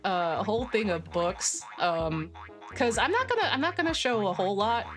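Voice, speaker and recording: A young woman streaming a video game, chatting casually, giggly and excitable, squealing at times. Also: mid-range voice, moderate pace. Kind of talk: casual gameplay chat. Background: faint game music.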